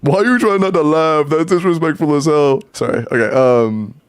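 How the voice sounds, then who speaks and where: A man's voice: fairly high pitch, normal speed, clear, resonant tone, dry recording. A man streaming live, casually talking through game account advice and answering chat, loose and rambling with some swearing.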